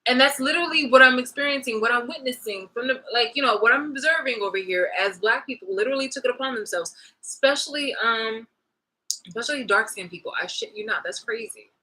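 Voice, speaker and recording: Bright-voiced woman ranting on camera. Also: a little high, fast, rough recording. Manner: heated and profane, repeats and restarts phrases. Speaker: vlogger. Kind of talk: casual monologue rant.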